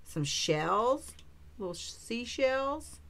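A woman's voice: on the high side, big pitch swings, takes it slowly, gravelly, a bit bright. A woman vlogger chatting casually as she opens a craft supply swap, gushing with delighted exclamations over each item. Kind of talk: casual unboxing chat.

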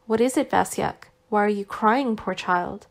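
A woman voicing a gentle, worn-out young man who is still recovering, speaking tenderly with some reproach, in an audiobook reading. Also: medium pitch, a little slow, natural voice. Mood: tender, reproachful.

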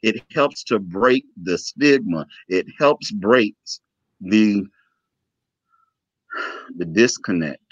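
A fairly low-voiced man speaks slowly with frequent pauses while recounting an emotional personal story as an interview guest, animatedly acting out the dialogue. The audio is dull lo-fi and dry, without echo.

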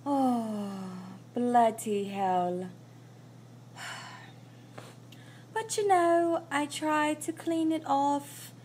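A woman doing a prim, mock-posh British accent, high and very slow, drawing out every phrase. It's a casual phone vlog recorded on a work break. A faint hum sits behind the voice. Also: warm tone, full character voice. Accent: put-on British. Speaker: vlogger.

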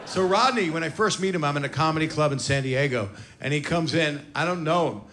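A man's voice: on the high side, brisk, a bit bright. A man in his sixties doing a brash, profane stand-up set, teasing the crowd between stories on a stage mic. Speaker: stand-up comedian. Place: comedy club stage before a live audience. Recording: noisy live club recording.

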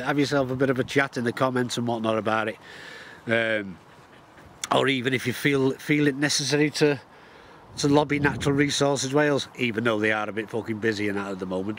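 Man, mid-pitched, ranting to camera outdoors, foul-mouthed and fired up, faint outdoor ambience behind him. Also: fairly bright tone, slight background noise. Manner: swears constantly, heated and blunt. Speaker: shooting and countryside vlogger. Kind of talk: profane angry rant to camera.

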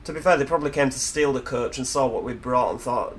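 A man's voice: mid-range voice, quick pace, slight background noise. Chatty Yorkshire man narrating gameplay. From Yorkshire, England. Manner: chatty, jokey, self-mocking asides. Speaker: gaming video host. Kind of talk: casual gameplay commentary.

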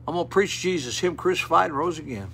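A man's voice: fairly high pitch, quick pace, vocal fry, fairly bright tone, a little hiss or hum. An older man preaching a sermon at a rescue mission, plain-spoken and folksy with fervent appeals, in an auditorium.

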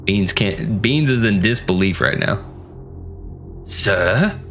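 A man's voice: fairly low pitch, normal speed, fairly bright tone, faint music behind. A man casually commentating a horror game, joking and talking to the characters. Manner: jokey, playful, talks to the game characters. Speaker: gaming channel host.

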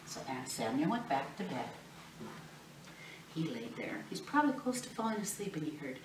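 Animated woman telling a story in an echoey room. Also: fairly low pitch, moderate pace, a little hiss or hum. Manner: animated, acts out voices in the story, asks the children questions. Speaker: children's Bible teacher. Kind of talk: storytelling to children. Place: classroom or church room. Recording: echoey room, recorded from a distance.

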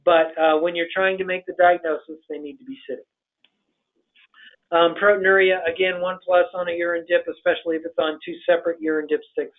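A man delivers a medical webinar lecture in a fairly high voice, pausing often on ums and uhs as he explains. The sound is thin and narrow, like a phone line. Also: flat delivery. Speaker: physician lecturer. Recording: tinny phone-like webinar audio.

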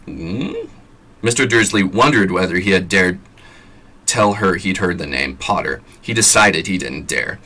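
Low, husky man reading a story aloud. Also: sharp tone. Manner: plain reading pace, chatty asides. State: scratchy throat. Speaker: vlogger reading an audiobook. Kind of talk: reading a novel aloud with casual asides.

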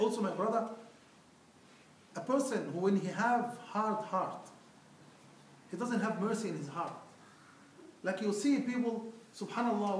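High-voiced preacher in an echoey mosque. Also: male voice. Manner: earnest, pleading, addresses listeners as brother. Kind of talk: Friday sermon. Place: mosque prayer hall. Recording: echoey hall, mic far off.

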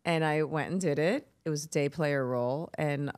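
A woman's voice: sits low, normal speed, no echo, studio quality. Brash profane New woman storyteller. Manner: brash, profane storytelling with lively voiced quotes. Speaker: guest. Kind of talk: casual podcast interview.

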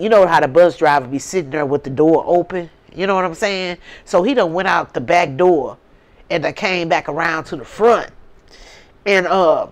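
A woman with a St. telling a story in casual talk, blunt and swearing freely. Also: on the low side. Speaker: vlogger.

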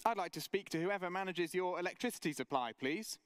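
A male preacher voicing a chirpy adult male energy-sales cold caller with brisk, overly polite patter. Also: high-pitched, expressive, clear, resonant tone, no echo, voice pushed up. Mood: eager.

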